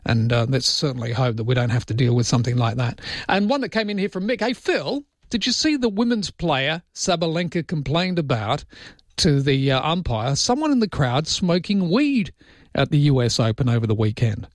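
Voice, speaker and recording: Chatty radio host, dry studio sound. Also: male voice, mid-range voice, big pitch swings, moderate pace, no echo. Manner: chatty, wry, reads listener texts aloud. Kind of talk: casual talkback radio chat.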